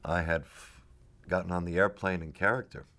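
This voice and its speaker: A middle-aged actor being interviewed, his voice low and rough with a gravelly edge. He rambles through stories with restarts and chuckles. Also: steady tone, normal speed, pushed and bright. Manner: rambling storyteller with restarts and laughs. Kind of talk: casual anecdotal interview.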